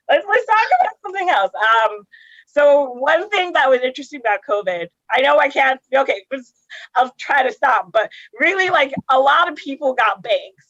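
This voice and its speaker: Woman stand-up comic from Cameroon, high bright voice, sarcastic and rambling; dry, dull lo-fi stream audio. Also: sing-song, moderate pace, no room sound. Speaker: stand-up comedian. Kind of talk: stand-up comedy set.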